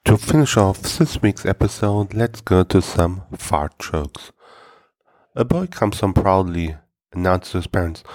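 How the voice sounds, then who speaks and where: A man's voice: low-pitched, moderate pace, a little mellow, no echo. A man hosting a comedy show, reading jokes with a dry, matter-of-fact delivery.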